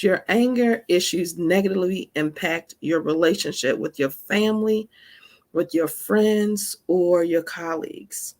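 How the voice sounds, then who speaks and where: Woman, gravelly and husky, chatty teacher who keeps checking in with listeners. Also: on the low side. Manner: conversational, addresses listeners directly with frequent asides; emphatic, laughs between points. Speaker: spiritual teacher. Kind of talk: casual teaching talk.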